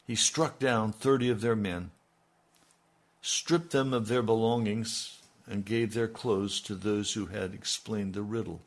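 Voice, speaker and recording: A man's voice: fairly low pitch, fairly even intonation, unhurried. A man preaching, retelling a scripture story in a folksy way with conversational asides to his listeners. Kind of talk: storytelling sermon.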